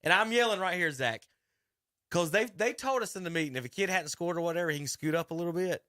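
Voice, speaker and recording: Rambling radio host, dry studio. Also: male voice, sits high, quick pace, no room sound. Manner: rambling, animated storyteller who restarts sentences. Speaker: sports talk radio host and youth basketball coach. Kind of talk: casual radio chat narrating a video clip.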